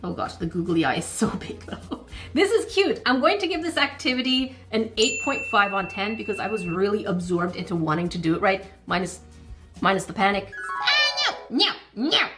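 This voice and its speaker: A woman at a mid-pitched, ordinary speaking level narrates a hands-on craft kit review. She chats along as she works, cheering herself on and breaking into flustered little exclamations. Light music sits faintly under her voice. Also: lively intonation. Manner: chatty, self-encouraging, easily flustered with quick exclamations. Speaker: craft channel host.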